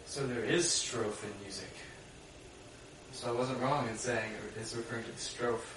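A man's voice: mid-range voice, normal speed, a bit bright, a little hiss or hum. A man in a small study group, making short casual remarks and quips in the discussion. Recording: roomy room, distant mic.

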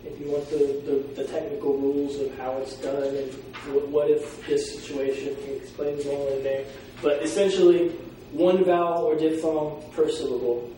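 A man's voice: a little high, flat delivery, warm tone. Man lecturing in an echoey classroom. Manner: explanatory, sounds out words slowly. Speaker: Greek teacher. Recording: echoey room from far off, faint noise.

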